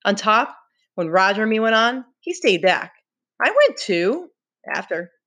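A woman voicing a proud, aggressive boy who leads the hunters in a read-aloud novel, making forceful, accusing declarations. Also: medium pitch, big pitch swings, unhurried, voice pushed up.

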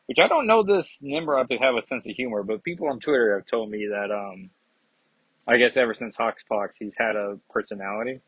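A man's voice: medium pitch, animated, a little fast, a bit bright, slightly rough, dry recording. A man giving a chatty, rambling comic book review, with self-mocking asides. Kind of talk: casual review vlog. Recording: dull lo-fi sound.

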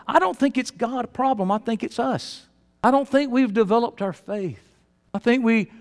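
A male pastor preaching a sermon in folksy, colloquial speech, swinging between loud exhortation and quiet asides. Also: sits high, in a large hall.

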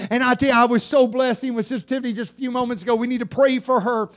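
A male pastor preaching a sermon from a church pulpit, moving between hushed passages and shouted ones. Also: very high-pitched, quick pace.

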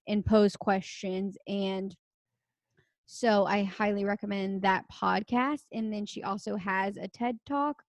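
A woman's voice: mid-range voice, steady tone, takes it slowly, dry recording. Young woman co-host, earnest casual chatter, dry close sound. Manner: earnest, chatty, many fillers. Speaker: podcast co-host. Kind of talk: casual chat.

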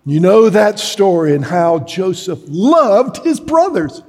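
A middle-aged man preaching a sermon, telling a story dramatically and shouting at its peaks. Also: high-pitched, big pitch swings, slow pace. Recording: long hall reverb.

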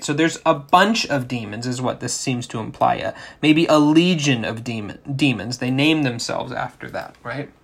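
A man's voice: mid-range voice, a bit bright. A man preaching a sermon, explaining a scripture passage and asking rhetorical questions. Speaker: pastor.

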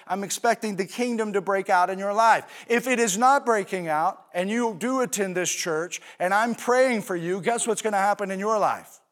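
A man's voice: sits high, fairly bright tone. A male pastor preaching a sermon in a conversational way, asking rhetorical questions and answering them himself, with fillers and asides.

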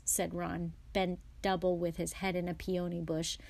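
Gravelly low-voiced woman storyteller. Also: moderate pace, hardly any pauses, no room sound. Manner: steady storytelling narration. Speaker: guest reader. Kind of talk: reading a novel aloud.

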